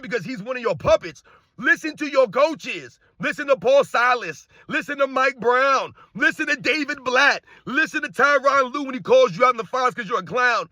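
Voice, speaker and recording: High, bright-voiced man ranting about sports. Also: dry recording, studio quality. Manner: emphatic, repetitive rhetorical questions; addresses viewers as guys, occasional shouting. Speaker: sports commentary host.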